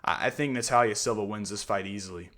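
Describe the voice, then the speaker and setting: A man's voice: lowish voice, quick pace, a bit bright. Fired-up man ranting about fights. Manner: heated, ranting, repeats "man" and "you know what I mean". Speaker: fight predictions host. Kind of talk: casual fight breakdown monologue.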